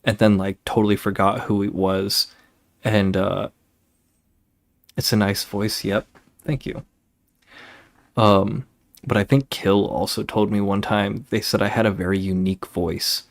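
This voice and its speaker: A young man with a lowish voice chatting on a game stream. He rambles from tangent to tangent in a laid-back way and swears without thinking about it. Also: little pitch movement, measured pace, vocal fry, pauses often. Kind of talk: casual chat while streaming a game.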